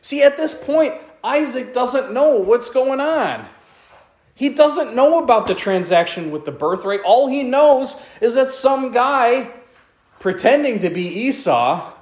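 A man with a high voice reads Bible verses aloud in old-fashioned wording. Between the verses he explains them in a relaxed, joking way and laughs at his own asides. He sounds like a teacher leading a casual Bible study. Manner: reads scripture aloud then comments with playful asides and laughs.

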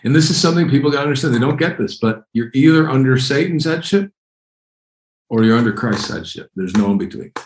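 Male preacher, lowish voice, emphatic and conversational, roomy echo. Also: darkish tone. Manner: conversational, emphatic, repeats phrases. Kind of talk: expository sermon.

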